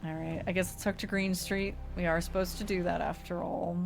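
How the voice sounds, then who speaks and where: A woman's voice: fairly low pitch, level tone, fairly quick, vocal fry, hardly any pauses, soft background music. A woman streamer giving playful, self-deprecating commentary while playing a story game. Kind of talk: casual gameplay commentary.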